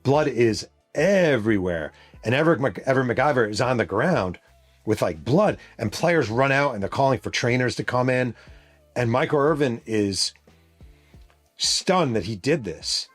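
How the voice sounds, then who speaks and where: A man's voice: medium pitch, lively intonation, normal speed, faint music behind. A middle-aged man from New York State, hosting a podcast and retelling a story in a casual, profane, vivid way. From New York State, USA. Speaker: podcast host and author.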